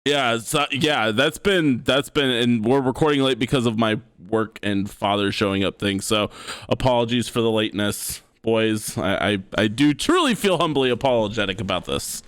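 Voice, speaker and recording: A man's voice: medium pitch, normal speed, a bit bright, clear, resonant tone, dry recording. A young man hosting a podcast in casual chat, joking with mock-formal asides. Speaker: podcast host.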